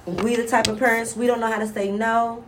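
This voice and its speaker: A woman in her forties chatting casually, telling stories with lively acted-out quotes. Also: on the high side, brisk, a little hiss or hum. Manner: animated storyteller, acts out quotes. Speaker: show co-host. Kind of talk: casual chat.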